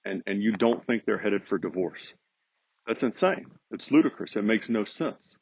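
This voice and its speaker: A man's voice: lowish voice, expressive, moderate pace, vocal fry, slightly rough, dry recording. A man hosting a podcast, speaking in an earnest, preachy, emphatic monologue. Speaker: podcast host. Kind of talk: casual monologue. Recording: dull, lo-fi.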